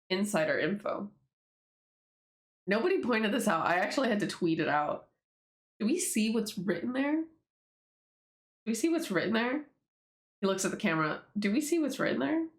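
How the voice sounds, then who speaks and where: Commenting on her own comic, a webtoon creator speaks at a moderate pace in a mid-range voice with lively intonation, breaking off into long pauses. She's relaxed and rambling, laughing and swearing freely, and the room echoes.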